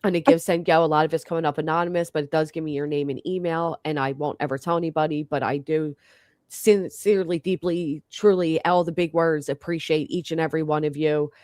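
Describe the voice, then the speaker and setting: A woman's voice: low voice, fairly even intonation, fairly quick, darkish tone, no echo, clean studio sound. A woman chatting casually on a livestream, rambling and heartfelt as she thanks her host. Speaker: livestream guest.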